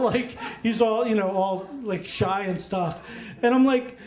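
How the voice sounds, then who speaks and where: A middle-aged man with a fairly high voice tells a personal story on stage, animated and chatty, breaking into laughter between asides. The sound is roomy, with the echo of a live event space. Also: moderate pace.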